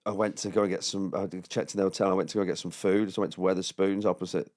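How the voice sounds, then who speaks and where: A man chatting as a podcast guest, telling lively stories, laughing often and imitating other people. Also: low voice, racing. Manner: animated storyteller, laughs often, mimics others. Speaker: comedian guest. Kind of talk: casual chat.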